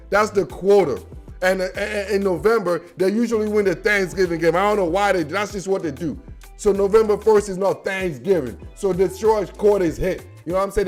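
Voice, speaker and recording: A man with a high voice runs through his weekly game picks in loose, slangy chat. He keeps dropping bro and man as he talks. Faint music sits behind him. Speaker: sports predictions host. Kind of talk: casual monologue.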